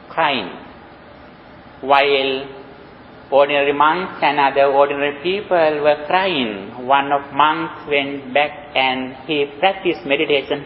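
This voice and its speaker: A Sri Lankan-accented monk teaches, his words unhurried and broken by long pauses. His voice sits at an ordinary pitch and rings out in a large reverberant space. The recording is dull and lo-fi, with a faint hum of ambience behind him. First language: Sinhala. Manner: slow, halting delivery with many pauses and "you know". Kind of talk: dharma talk.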